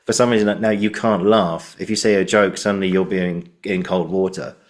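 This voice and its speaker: A man's voice: low-pitched, fairly even intonation, a little fast. A man hosting a casual podcast conversation, rambling and padding his thoughts with fillers, laughing as he retells jokes. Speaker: podcast host.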